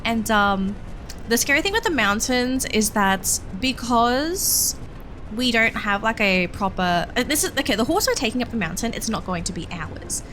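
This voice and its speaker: A woman's voice: a little high, expressive, normal speed, a bit bright, a little hiss or hum. Chatty woman streaming a horse game. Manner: chatty, addresses viewers, frequent ums. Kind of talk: casual let's-play commentary.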